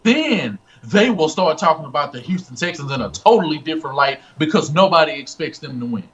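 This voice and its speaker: A man co-hosting a casual sports chat, emphatic and slowing down to stress his points. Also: fairly high pitch, lively intonation, a bit bright. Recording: dull lo-fi remote line with faint hiss.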